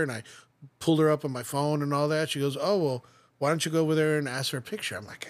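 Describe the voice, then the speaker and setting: A man's voice: a little high, steady tone, fast talker. A man co-hosting a wrestling podcast, telling a rambling story full of fillers, restarts and swearing in casual chat. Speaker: podcast co-host.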